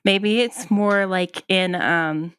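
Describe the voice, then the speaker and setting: A woman's voice: mid-range voice, takes it slowly, fairly bright tone, smooth, dry recording. A woman co-hosting a podcast in casual chat, hesitant with many ums and restarts. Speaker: podcast co-host.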